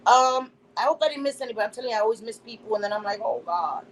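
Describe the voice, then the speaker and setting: A woman's voice: fairly high pitch, very fast, few pauses, rough recording. A middle-aged woman from Puerto Rico hosting a casual live stream, blunt and profane, with Spanish words mixed in. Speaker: livestream host.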